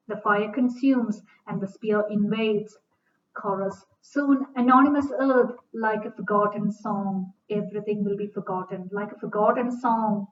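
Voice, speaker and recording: A woman's voice: mid-range voice, steady tone, moderate pace. A woman giving a literature lecture, reading lines from a play aloud and then explaining them in plain words, with fillers and restarts. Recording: dull distant recording.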